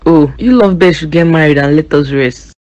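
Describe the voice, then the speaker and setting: A woman's voice: deep voice, moderate pace, darkish tone, no echo, muffled recording, lightly acted. A woman as a teasing, nosy friend.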